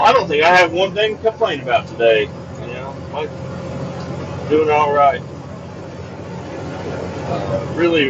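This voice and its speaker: A man hosting a podcast, rambling and cursing in an exasperated monologue from his car on the highway. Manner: profane, rambling, exasperated rants. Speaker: podcast host. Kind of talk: casual rambling monologue while driving. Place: inside a moving vehicle on the highway. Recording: distant, dull mic with road noise. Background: car and road noise.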